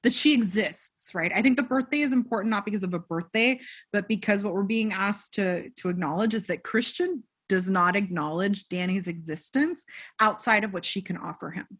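Animated woman recapping a film. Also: mid-range voice, normal speed, breathy edge. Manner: animated storyteller, acts out quotes. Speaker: podcast co-host. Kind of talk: casual film recap chat.

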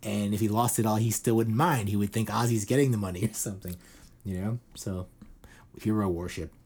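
A middle-aged man hosts a laid-back news chat show, his lowish, husky voice steady and slightly quick with a darkish color. He rambles irreverently, swearing and peppering his talk with "like" and "you know."

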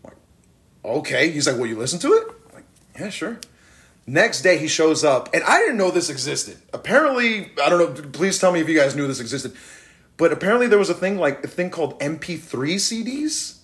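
With a high-ish voice and a brisk pace, a thirty-something rapper guesting on a casual interview tells stories animatedly, imitating the people he quotes.

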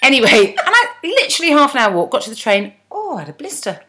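Chatty woman co-host, wry and digressive, with a lively voice that swings up and down. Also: high voice, quick pace. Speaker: podcast co-host. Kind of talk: casual chat recapping a TV episode.

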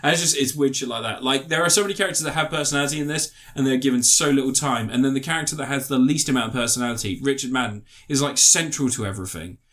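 A man's voice: medium pitch, rapid-fire, hardly any pauses, a bit bright. Rambling, sweary man. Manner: rambling, swears freely, mocking impressions. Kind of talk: casual film chat.

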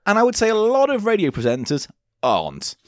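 Sardonic man, very animated pitch. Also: fairly quick, no echo. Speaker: podcast co-host. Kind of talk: casual chat.

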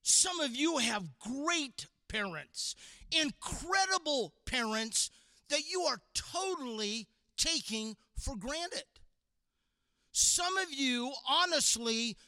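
A man giving a sermon to young people, playful and sarcastic, acting out quotes with animated voices. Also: very high-pitched, slow pace, no room sound, clean studio sound. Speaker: youth pastor. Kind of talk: sermon to a youth audience.

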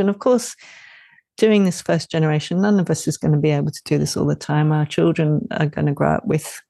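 Low, gravelly-voiced woman. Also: dry recording, clean studio sound. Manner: warm, enthusiastic, laughs often, acts out inner voices. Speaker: author and parenting instructor. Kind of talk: podcast conversation.

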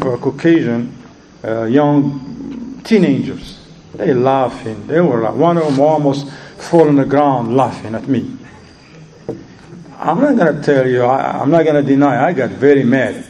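A man's voice: mid-range voice, measured pace, dark tone, slight background noise, rough recording. A man teaching a religious lesson, telling stories and asking his audience questions, often repeating words as he searches for them. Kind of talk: lecture with storytelling.

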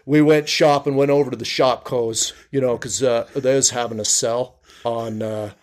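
A man's voice: medium pitch, fairly even intonation, moderate pace, lightly acted. A man doing a rambling Utah County good ol' boy. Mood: chatty. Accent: Utah County, Spanish Fork. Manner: drawling, rambling, ungrammatical. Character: rural Utah man bragging about fishing gear.

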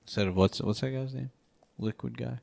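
A man's voice: medium pitch, brisk, gravelly, a little mellow, no echo. A man co-hosting a movie review podcast in casual chat, joking around, swearing and making fun of himself. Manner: joking, profane, self-mocking.

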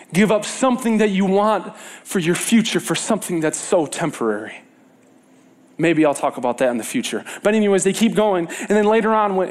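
Animated man preaching a story sermon. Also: high-pitched. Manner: animated storyteller, repeats words for emphasis, swings between loud and hushed; casual and conversational, with fillers and self-corrections. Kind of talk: sermon retelling a Bible story.

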